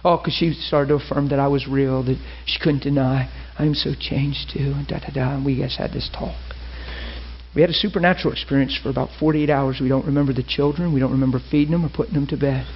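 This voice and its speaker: A man's voice: steady tone, fast, slight background noise. A man preaching an impassioned sermon, telling a personal story with emphatic, rising delivery. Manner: emphatic, rising into a high strained preaching pitch. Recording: dull lo-fi sermon recording.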